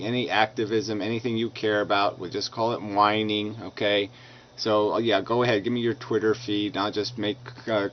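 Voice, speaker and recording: A man angrily reading out and rebutting comments, profane and combative, stumbling over restarts. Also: on the low side. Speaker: video blogger answering comments. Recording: dull lo-fi recording with faint noise.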